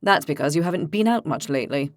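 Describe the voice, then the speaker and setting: A woman's voice: deep voice, expressive, fast talker, no room sound, studio quality, voice pushed down. A woman voicing a brash, boastful young male warrior with cocky, mocking banter.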